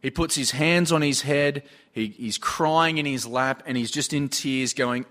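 A man's voice: medium pitch, a little slow, few pauses, fairly bright tone. A man preaching a sermon, earnestly telling stories from his own work and retelling what people said. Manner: earnest, storytelling with retold dialogue.

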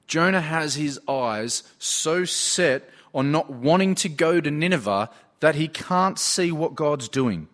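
Male preacher, slightly raised pitch, earnest storytelling sermon delivery. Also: expressive, takes it slowly, fairly bright tone. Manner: earnest, storytelling with retold dialogue.

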